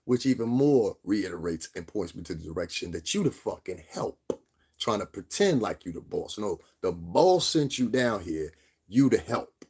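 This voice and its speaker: A man from Connecticut telling a long, profane story as a lecture to his viewers, sometimes mimicking others in a high voice. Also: very animated, normal speed, a little mellow, slightly rough. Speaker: vlogger. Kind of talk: angry storytelling rant.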